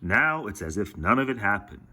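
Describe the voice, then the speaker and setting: A man's voice: on the low side, sing-song, normal speed, pushed and bright. A man giving casual reaction commentary on a radio clip, sarcastic and laughing often.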